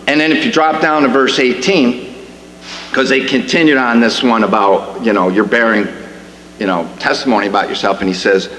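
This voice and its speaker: A man's voice: mid-range voice, a bit bright. A man preaching a sermon in a church, conversational and rising to emphatic questions, with frequent restarts. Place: church sanctuary. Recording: echoey hall with faint hum.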